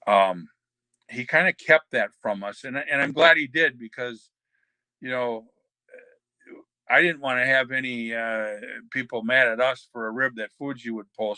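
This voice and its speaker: A man's voice: mid-range voice, measured pace, sharp tone, no room sound. An older man, a former wrestler, telling backstage anecdotes as a podcast guest, rambling with many fillers and restarts. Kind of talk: anecdotal storytelling.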